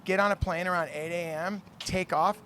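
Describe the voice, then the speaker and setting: A man's voice: high-pitched, steady tone, normal speed, sharp tone, a little hiss or hum. A man in his late forties from California, a label founder talking in a casual interview, earnest, rambling and self-mocking. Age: 40s.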